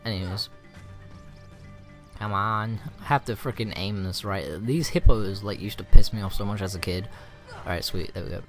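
A man's voice: lowish voice, moderate pace. Profane, rambling young gamer man. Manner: profane, rambling and easily riled. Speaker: let's play gamer. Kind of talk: casual gameplay commentary. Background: game music.

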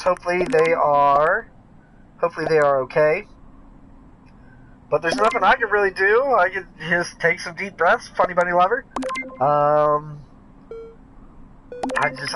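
A man's voice: high-pitched, pushed and bright, slight background noise, low-quality recording. A man streaming a game live, chatting casually, greeting viewers by name and reading their messages aloud.

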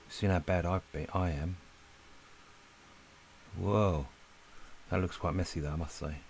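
Low-voiced guy chatting away while doodling, laid back, bit out of breath, faint hiss behind. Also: unhurried. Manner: relaxed, rambling, talks to viewers while drawing. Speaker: art channel host. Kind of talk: casual chat while drawing. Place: lives in Spain.

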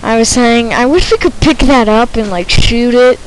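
A woman narrating her own gameplay in a let's play commentary, jittery and excitable, repeating herself when tense. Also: fairly high pitch, normal speed, slight background noise, low-quality recording.

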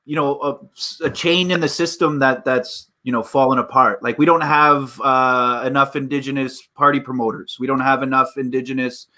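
A man co-hosts a casual chat, feeling his way through questions with lots of ums and restarts. His tone is bright and forward, with a sharp edge. His voice sits at a middle pitch. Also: fairly even intonation. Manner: halting questions with many fillers. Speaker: co-host.

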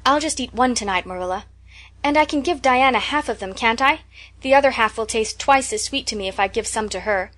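A woman's voice: on the high side, a little fast, fairly bright tone, natural voice. A woman voicing an eager, dreamy orphan girl who chatters with gushing enthusiasm, in a storybook reading.

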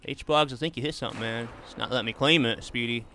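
A man's voice: medium pitch, fast talker, pushed and bright, faint music behind. A man doing casual live gaming commentary, chatting easily with viewers and tossing in "man" and "bro" all the time. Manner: laid-back, drawls "man" and "bro" often. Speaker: streamer.

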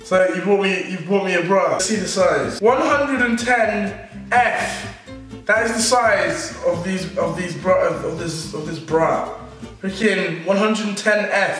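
A man hosting a comedy vlog, excitable and exaggerated, swearing freely. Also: high voice, measured pace. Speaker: YouTube host. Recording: echoey room, distant mic, background music.

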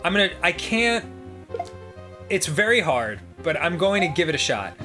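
A man co-hosting a gaming show talks in a lively, swooping way and keeps breaking into laughter. His voice leaps up high for jokes. Game music plays clearly underneath. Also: normal speed. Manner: animated, laughing, jumps into high-pitched bits. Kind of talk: casual banter over gameplay.

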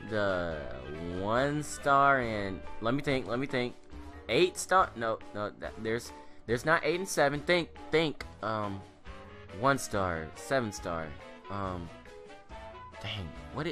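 A teenage boy hosting gameplay commentary, excitable, rambling and self-mocking. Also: mid-range voice, takes it slowly, soft background music. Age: teens. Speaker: gaming channel host.

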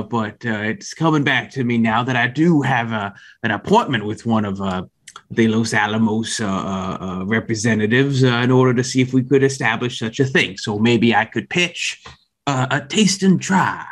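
A drawling, folksy chicken seller, as a man puts him on in a tabletop game. He hems and haws with plenty of fillers while he pitches his trade. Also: unhurried, natural voice. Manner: drawling, hesitant, full of uh fillers. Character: folksy male chicken-selling salesman with a hurt arm. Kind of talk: tabletop role-play voice.

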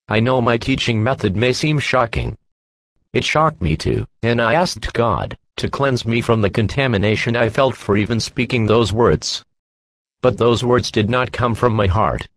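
A man giving a measured, steady scripted reading of a Christian parenting book as an audiobook narrator. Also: lowish voice, no room sound.

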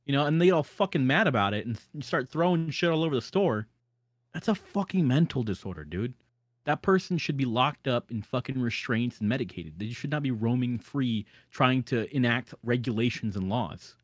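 A man's voice: mid-range voice, animated, normal speed, no room sound, studio quality. A man hosting a casual podcast, talking emphatically, ranting and swearing a lot. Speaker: podcast host.

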